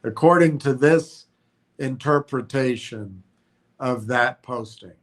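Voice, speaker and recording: A man with a stuffy, congested voice hosts a casual stock livestream. He talks slowly and haltingly, often restarting and correcting himself as he reads his notes aloud. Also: mid-range voice, a bit bright. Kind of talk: casual stream commentary, reading notes aloud.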